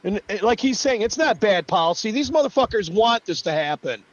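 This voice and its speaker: A man's voice: high voice, expressive, fairly quick, no echo, muffled recording. A man hosting a livestream, ranting angrily and swearing nonstop at politicians. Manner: furious, swearing, shouting at politicians. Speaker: livestream host. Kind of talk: angry profane rant.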